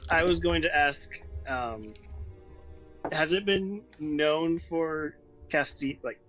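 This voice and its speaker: A man's voice: fairly high pitch, slow, muffled recording, loud music behind the voice. A man playing a tabletop game, asking rules questions in a hesitant way with fillers. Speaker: player.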